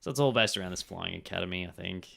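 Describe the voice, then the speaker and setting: A young man co-hosting a podcast, blunt and sweary in casual chat, his voice a little hoarse. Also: sits low, fast talker, a bit bright. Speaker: podcast co-host.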